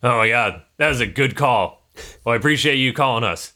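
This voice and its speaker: A man's voice: medium pitch, lively intonation, fairly quick, sharp tone. A man doing a fretful, chatty airship crewman. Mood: flustered. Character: friendly nervous male airship crewman.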